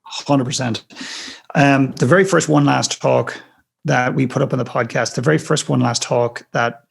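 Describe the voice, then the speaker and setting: A man's voice: medium pitch, fairly even intonation, normal speed, creaky, breathy edge. A man speaking as a podcast guest, telling stories with passion and emphasis. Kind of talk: podcast interview storytelling.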